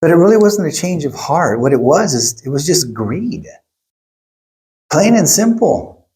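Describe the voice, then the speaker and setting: A middle-aged male pastor preaching a sermon, telling stories in an animated way and acting out quotes. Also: on the high side, unhurried. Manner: animated storytelling, acts out quotes. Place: church.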